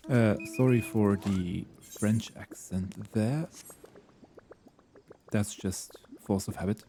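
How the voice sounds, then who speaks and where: Dark-voiced man streaming a game. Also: on the low side, slow, slight background noise. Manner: apologetic asides between read lines. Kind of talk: game playthrough commentary.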